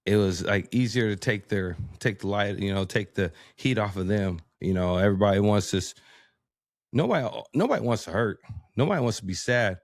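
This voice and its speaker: A man chatting as a podcast guest, telling animated stories, acting out quotes and laughing often. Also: fairly low pitch, a little fast, dry recording, clean studio sound. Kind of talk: casual conversation.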